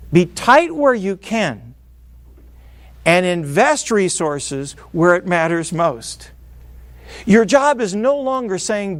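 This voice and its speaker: A middle-aged man giving a motivational seminar talk, animated and playing out quoted voices. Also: high-pitched, no echo. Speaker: speaker.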